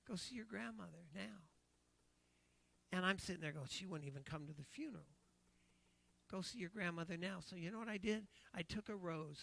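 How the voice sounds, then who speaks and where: High, gravelly male preacher. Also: fairly bright tone. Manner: emotional, repeats phrases, acts out quotes. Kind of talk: sermon storytelling.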